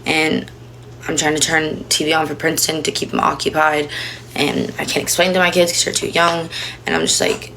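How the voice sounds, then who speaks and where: Young woman, low gravelly voice, rambling and emotional, livestreaming from home on her phone. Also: moderate pace, fairly bright tone, a little hiss or hum, low-quality recording. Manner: rambling, emotional, many fillers. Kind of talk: confessional casual talk.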